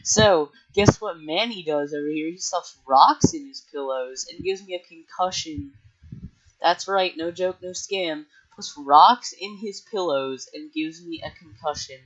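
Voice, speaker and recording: A young man tells a story for his casual vlog, rambling along with lots of filler words and restarts. His fairly high, slightly bright voice keeps a measured pace. The home mic sounds muffled, dull and lo-fi.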